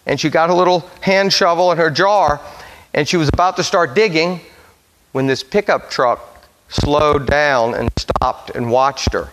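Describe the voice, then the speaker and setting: Male preacher with a somewhat high voice, telling a story from the pulpit in a sermon, easing into quiet solemn phrases; long hall reverb. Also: measured pace, a little hiss or hum. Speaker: pastor.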